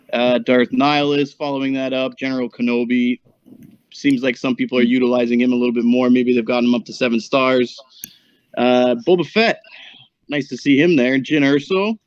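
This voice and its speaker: A man's voice: mid-range voice, level tone, moderate pace, no echo. A man co-hosting a gaming show, hesitantly going through statistics with many fillers. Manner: hesitant, many fillers while reading stats. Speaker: co-host giving the meta report. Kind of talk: casual gaming commentary. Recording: dull, dry lo-fi mic.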